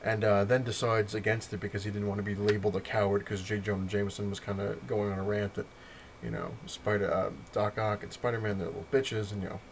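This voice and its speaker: A man with a fairly low voice talks in a loose, casual vlog manner. He rambles, corrects himself mid-sentence and swears freely as he recaps comics. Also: flat delivery, fast talker, hardly any pauses, slight background noise. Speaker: comic collector reviewing his haul.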